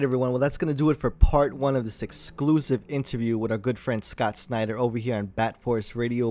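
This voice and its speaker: A man's voice: mid-range voice, a little mellow, dry recording. A man hosting a podcast, wrapping up an episode with an upbeat scripted outro. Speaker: podcast host. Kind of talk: podcast sign-off.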